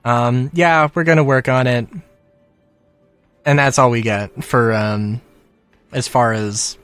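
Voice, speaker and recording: A man's voice: fairly high pitch, fairly bright tone, dry recording. A man ranting casually about a game, frustrated and rambling, with many fillers, sighs and short laughs. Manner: laughs between phrases. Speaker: gaming commentator. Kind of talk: casual rant to camera.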